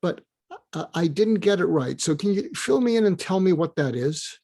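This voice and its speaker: Animated older man telling coaching stories. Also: high-pitched, moderate pace, creaky. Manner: animated, acts out dialogue in quoted voices. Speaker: guest, psychiatrist and business advisor. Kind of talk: interview storytelling with advice.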